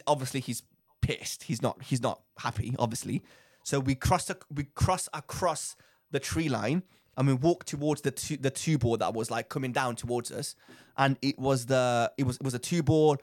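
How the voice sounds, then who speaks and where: A young man telling a story in a casual podcast chat, with animated, rambling delivery that circles back and repeats phrases. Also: mid-range voice, normal speed, no room sound, studio quality. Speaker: podcast co-host.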